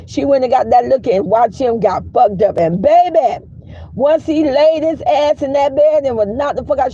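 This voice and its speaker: A woman hosting a casual commentary chat, telling stories in a blunt, profane, animated way. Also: sits high, highs cut off, a little hiss or hum. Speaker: commentary livestream host.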